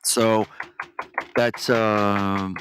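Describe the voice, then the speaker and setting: A man's voice: fairly low pitch, little pitch movement, drawn-out words, noisy background. A Texan man hosting a podcast, chatting casually and crudely, reading listeners' messages aloud. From Texas. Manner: crude, rambling, reads chat aloud. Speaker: podcast host. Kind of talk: casual live-stream chat.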